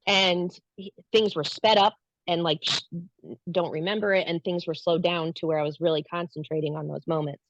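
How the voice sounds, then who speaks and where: A woman's voice: fairly low pitch, fairly even intonation, moderate pace, dry recording. A woman guest telling an earnest personal story in a casual way, acting out the things she said at the time. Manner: earnest, acts out her own past lines. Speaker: guest recounting a spiritual experience. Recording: dull lo-fi, dry sound.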